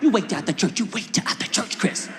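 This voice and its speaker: A man's voice: sits high, sing-song, fast talker, heavy background noise. A man on a comedy stage voicing his stern mother scolding her son in church. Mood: warning. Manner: shouting, scolding. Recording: echoey stage with loud crowd.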